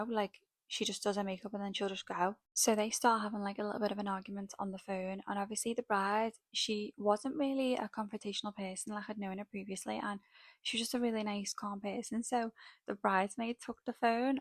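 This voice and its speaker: A young woman chats through a storytime vlog, sprinkling "like" everywhere. Her pitch stays fairly level and even. The recording is dry and close, with no room sound. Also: dry recording. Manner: chatty, filler-heavy storytelling with frequent "like". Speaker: makeup artist vlogger. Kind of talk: casual storytime while doing makeup.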